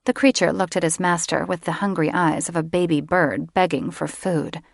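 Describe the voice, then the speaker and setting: A woman audiobook narrator giving steady, scripted fantasy narration close to the microphone. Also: on the low side, moderate pace, vocal fry, no echo. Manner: steady storytelling. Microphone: close studio microphone.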